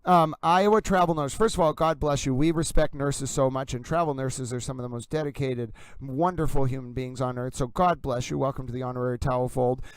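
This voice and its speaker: A man hosting a livestream with theatrical, effusive commentary who keeps addressing his audience as ladies and gentlemen. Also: mid-range voice, steady tone, a little fast, hardly any pauses, clear, resonant tone, no room sound. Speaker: livestream host.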